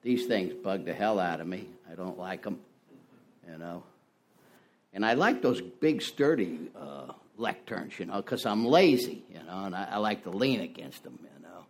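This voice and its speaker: An older man speaking at a recovery meeting through an ear-worn headset mic. His voice sits low but swings widely in pitch. He talks in a folksy, self-deprecating way and keeps dropping in "you know". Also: animated, normal speed. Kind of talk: personal testimony talk.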